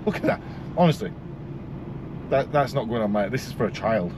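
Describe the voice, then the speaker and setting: A man's voice: on the low side, expressive, fairly quick, background noise. A man with a Yorkshire accent, a truck driver vlogging from his cab, ranting and swearing in comic exasperation. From Yorkshire, England. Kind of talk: casual vlog.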